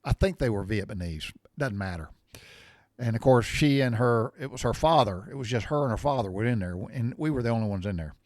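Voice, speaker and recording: This is a man in his sixties talking straight to his audience in an easygoing, folksy way. His pitch sits in a middle range, and he rambles and drifts onto side topics before circling back. The sound is dry and close, with hardly any room echo. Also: animated, a little fast, a little mellow. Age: 60s. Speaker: vlogger. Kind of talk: casual chat.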